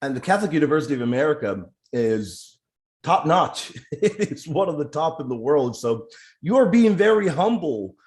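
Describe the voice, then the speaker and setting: A man's voice: on the high side, big pitch swings, moderate pace, darkish tone. A man hosting a casual live interview, effusive and heavy with praise for his guest. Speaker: interview host.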